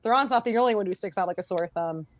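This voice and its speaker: A woman co-hosting a podcast in casual chat, animated, acting out quotes and laughing often. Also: medium pitch, quick pace, dry recording. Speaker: podcast co-host.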